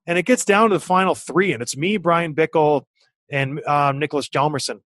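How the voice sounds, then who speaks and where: A man in his thirties telling a story in casual chat, animated and acting out what people said. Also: fairly high pitch, a little fast, no echo. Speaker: podcast guest, former hockey player.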